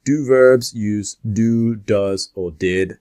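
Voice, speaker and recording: Male English teacher, lowish voice, measured and deliberate, spells out example questions. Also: dark tone, clear, resonant tone. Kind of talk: grammar lesson to camera.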